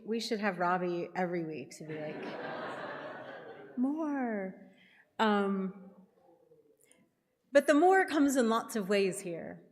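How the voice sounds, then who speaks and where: A woman worship leader giving church announcements in an unhurried, conversational way. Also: mid-range voice, in a large hall.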